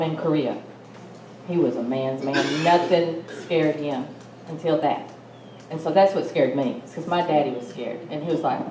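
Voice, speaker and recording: A middle-aged woman with an East Texas accent tells a personal story in a chatty, folksy way, her voice low-set and mellow. She is speaking into a roomy hall with a little noise behind her. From Malta, Texas. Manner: chatty, folksy, laughs while telling. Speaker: symposium speaker. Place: conference hall.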